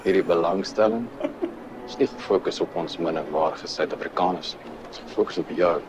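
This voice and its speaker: A man's voice: deep voice, fairly quick, lo-fi sound, close to an everyday voice. An actor playing a grave man warning someone of danger, speaking stiffly with a heavy accent. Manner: heavily accented, stiff delivery. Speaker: film actor in a scene. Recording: film clip with loud street and traffic noise.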